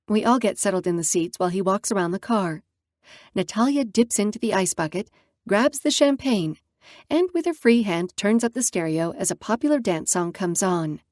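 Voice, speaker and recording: A woman narrating a first-person romance audiobook in an expressive way. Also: medium pitch, dry recording, clean studio sound.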